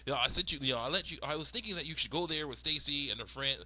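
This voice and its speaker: A man's voice: a little high, very fast, pushed and bright, no room sound. A man voicing a dismissive mother who scolds and brushes off her daughter. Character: dismissive suburban mother, disbelieving and stern.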